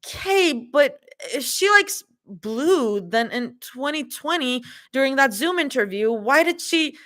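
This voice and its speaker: A woman reading a fanfiction aloud, voicing an excitable young woman in a high, eager voice. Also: a little slow. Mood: insistent.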